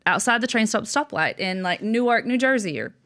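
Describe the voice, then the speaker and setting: Young adult woman, interview guest, animated storytelling, acts out quotes, laughs often. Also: fairly high pitch, a little fast. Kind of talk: storytelling in conversation.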